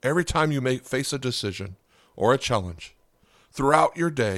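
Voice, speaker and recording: A man preaching a podcast sermon in a conversational way, often checking in with the listeners with quick questions. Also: medium pitch, expressive, soft background music. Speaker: pastor.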